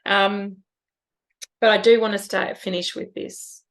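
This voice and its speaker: Her voice is mid-range and a bit bright, with vocal fry, a level tone and a measured pace. As a middle-aged podcast co-host, she reflects casually but earnestly on parenting and feelings, speaking with emotion and spiritual language.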